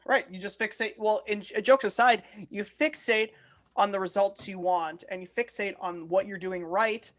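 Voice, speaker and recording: A man's voice: high voice, moderate pace, a bit bright. Teasing man co-hosting a podcast. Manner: joking, teasing, then earnestly explaining. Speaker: podcast co-host. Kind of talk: casual podcast chat.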